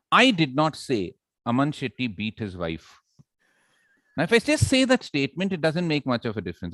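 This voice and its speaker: A man runs a public speaking workshop, his pitch leaping up and down as he acts out examples. He keeps tossing questions to the room in a playful, teasing way. The sound is dry and close. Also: dry recording. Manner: lively, playful, talks to the audience with questions and demonstrations. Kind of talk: live workshop talk.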